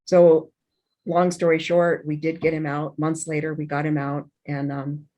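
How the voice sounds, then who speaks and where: A middle-aged woman, an interview guest, telling a painful personal story in an emotional, halting way, with many restarts and fillers. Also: low-pitched, level tone, mellow.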